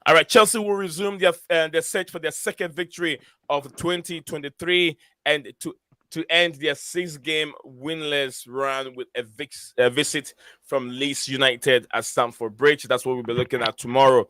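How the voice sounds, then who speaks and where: A man hosts a casual live stream. His voice is bright and crisp, and his talk is full of hesitant fillers as he reads names from the chat. The sound is dry and close. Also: a little high, fairly even intonation, normal speed, no echo. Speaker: host.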